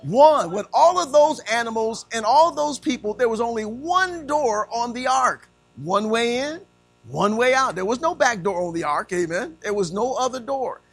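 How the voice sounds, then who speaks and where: A man's voice: very high-pitched, animated, normal speed, fairly bright tone. A man preaching a sermon, quizzing his congregation in call-and-response style.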